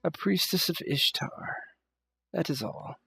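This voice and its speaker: A man's voice: a little high, a little slow, vocal fry, sharp tone, pitched above the performer's own voice, heavily acted. A man voicing a proud female desert priestess who speaks in a formal, aloof way. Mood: cool, formal.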